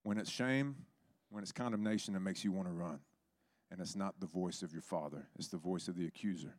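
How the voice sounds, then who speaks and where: A man's voice: low voice, a little fast, a little mellow, dry recording, clean studio sound. A man preaching a sermon, telling stories and acting out the voices in them. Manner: storytelling, acts out quoted voices.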